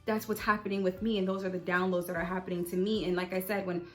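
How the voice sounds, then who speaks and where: A woman's voice: lowish voice, level tone, fast talker, soft background music. A young woman hosting her own vlog channel, talking candidly and casually about faith and personal growth, with lots of fillers along the way. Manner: candid, chatty, with many fillers. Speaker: channel host.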